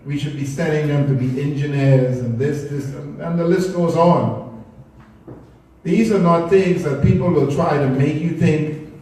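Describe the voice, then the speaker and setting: A man's voice: a little high, a little slow, mellow, far from the mic. A man giving an earnest, persuasive public talk to an audience, speaking from a spiritual perspective. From Bahamas. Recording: echoey room recorded from afar.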